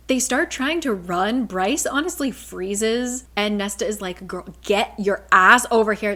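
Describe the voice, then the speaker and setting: A woman casually retelling a book's plot, chatty and animated, filling her speech with "like" and briefly mimicking the characters. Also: fairly high pitch. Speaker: book summary vlogger.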